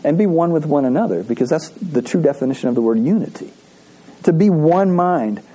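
A man with a slightly high, dark, breathy voice preaches in an expressive, brisk manner, heard on a low-quality recording. As pastor at a church service, he keeps the sermon conversational, repeats key phrases, and calls on the room to read scripture aloud with him.

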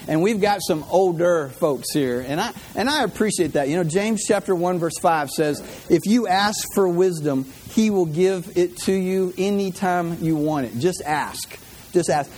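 Man preaching, high voice, chatty, repeats himself, jokey, church. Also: darkish tone, slight background noise. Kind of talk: humorous sermon.

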